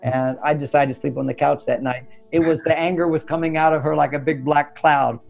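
An older man, a relationship author being interviewed, giving advice through animated stories and acting out what he and his wife said. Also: on the high side, brisk, gravelly, soft background music. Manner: acts out quoted voices of himself and his wife.

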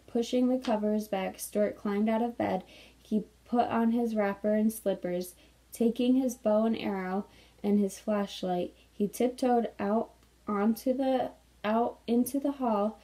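A woman teacher reading a children's novel aloud to a class in a steady, unhurried way. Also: fairly high pitch, rough recording.

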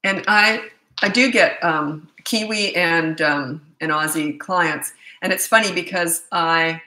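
A woman's voice: on the low side, slow, bright, forceful tone. A woman in her sixties from North America, a parenting coach answering viewer questions on a live stream in a chatty, candid way with rambling asides. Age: 60s. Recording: echoey room.

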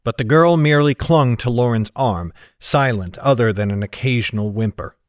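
A man reads a fantasy novel chapter as an audiobook narrator. His voice is mid-pitched and measured, recorded close with a dry sound. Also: dry recording.

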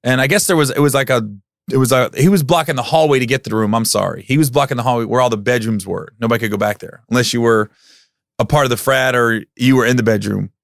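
A man in his forties hosting a podcast, telling a personal story in a casual, animated way and acting out what people said. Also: medium pitch, quick pace, vocal fry, no room sound, studio quality. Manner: animated, acts out quotes in loud raised voices. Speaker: podcast host.

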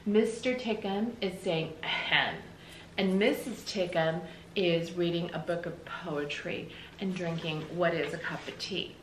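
A woman's voice: on the low side, steady tone, a little slow. A woman teacher reading a book aloud to children, explaining the pictures in a friendly way. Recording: echoey room with faint hiss.

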